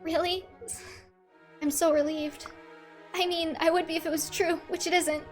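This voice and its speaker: A woman's voice: extremely high pitch, little pitch movement, normal speed, soft background music. A woman voicing a shy, easily flustered young princess in a game scene.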